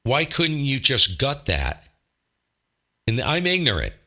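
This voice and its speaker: A man's voice: medium pitch, huge pitch swings, takes it slowly, pushed and bright. A man hosting a casual ham radio live stream at his desk mic, rambling and self-deprecating as he asks rhetorical questions. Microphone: desk microphone.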